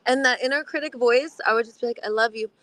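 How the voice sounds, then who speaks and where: A woman's voice: fairly high pitch, fast, a bit bright, no room sound, rough recording. A woman talking earnestly in a casual heart-to-heart chat, sharing personal experience and acting out inner voices.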